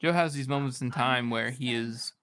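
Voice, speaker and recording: A man co-hosting a casual book discussion podcast, speaking at a mid pitch. He rambles and thinks aloud, circling his point with fillers before landing it. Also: normal speed, fairly bright tone, clean tone. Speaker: podcast co-host.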